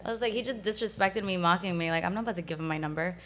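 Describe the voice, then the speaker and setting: A woman's voice: lowish voice, racing, fairly bright tone, slight background noise. A young woman guest on a podcast, telling a story in a chatty way, full of "like" fillers. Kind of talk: casual storytelling.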